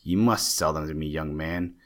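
A man voicing a fussy, excitable old male stamp collector with a chattering, genteel manner. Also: a bass voice, normal speed, voice pushed down. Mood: earnest. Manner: chattering, genteel, easily indignant.

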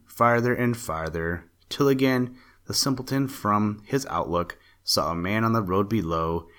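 A man narrating a fairy tale aloud in a steady, measured reading. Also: fairly low pitch. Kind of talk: storybook narration.

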